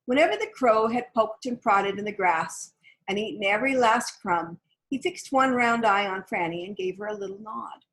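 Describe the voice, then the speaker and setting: A woman reads a children's picture book aloud with gentle expression. Her voice sits at a middling pitch for a woman. The pacing suits a story for young listeners. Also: animated, normal speed. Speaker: storybook reader.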